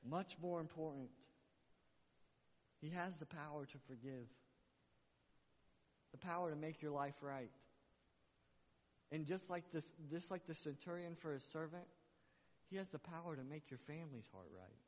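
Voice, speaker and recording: A man's voice: fairly high pitch, moderate pace, pauses often. A man preaching a sermon to his church, passionate and repeating phrases for emphasis. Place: church sanctuary. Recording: muffled recording with long hall reverb.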